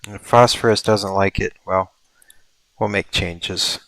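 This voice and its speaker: A man's voice: low voice, fairly even intonation, a little slow, a bit bright, no echo. A man streaming a building game, musing and thinking aloud as he works, with playful mock-mystical asides. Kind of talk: casual livestream commentary.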